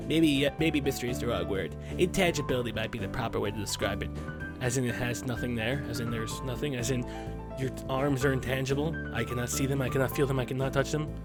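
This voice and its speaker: Brief: a dreamy, odd young woman, read aloud by a man over game music, unhurried. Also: mid-range voice, lightly acted. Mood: musing.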